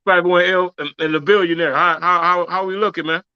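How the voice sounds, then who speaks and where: A man's voice: sits high, steady tone, a little fast, clear, resonant tone, no room sound, highs cut off. Laid-back, teasing podcast co-host man. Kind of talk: casual chat.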